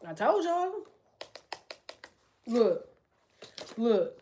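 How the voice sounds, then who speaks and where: A woman giving a loud, animated, profanity-filled casual tarot reading, full of slang. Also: fairly high pitch, drawn-out words, a little hiss or hum. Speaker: tarot reader.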